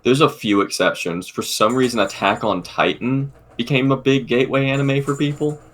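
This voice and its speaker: A man's voice: mid-range voice, normal speed, fairly bright tone. A young man co-hosting a podcast over an online voice call, chatting and explaining with lots of filler likes. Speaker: podcast co-host. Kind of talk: casual chat.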